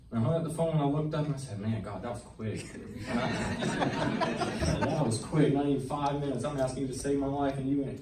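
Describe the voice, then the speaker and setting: A man's voice: mid-range voice, mellow. Earnest man testifying in an echoey church. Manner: earnest and colloquial, building in intensity with call-and-response. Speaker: church member giving testimony. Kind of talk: personal testimony and Bible retelling to a congregation. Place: church sanctuary with congregation. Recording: echoey church hall, mic at a distance, faint background noise.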